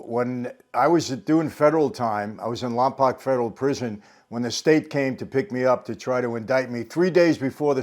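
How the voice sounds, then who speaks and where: A man's voice: mid-range voice, a little mellow. A man hosting a sit-down interview, talking casually and speaking directly to viewers. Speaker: host. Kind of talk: conversational interview.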